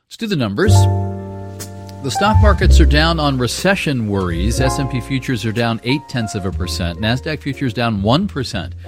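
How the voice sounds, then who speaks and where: A man's voice: medium pitch, moderate pace, hardly any pauses, over music. A man hosting a business news show, reading market numbers and introducing a story in an upbeat way. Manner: lively, upbeat delivery.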